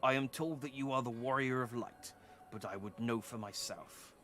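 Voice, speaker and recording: A man voicing a solemn male game character in a slow, formal way. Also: medium pitch, fairly bright tone, a little hiss or hum, lightly acted. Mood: grave.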